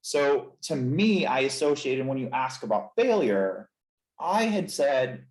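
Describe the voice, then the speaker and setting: Man, podcast guest, earnest, reflective, emotional, mid-pitched, echoey room. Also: expressive, takes it slowly. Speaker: guest chiropractor. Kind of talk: candid podcast interview. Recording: roomy echo.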